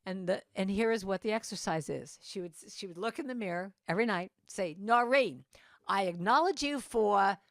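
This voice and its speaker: A woman's voice: mid-range voice, a little fast, few pauses, no room sound, clean studio sound. A woman giving an inspirational talk at a church service, chatty and meandering, with asides to people in the audience. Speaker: guest speaker at a church service. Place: church sanctuary.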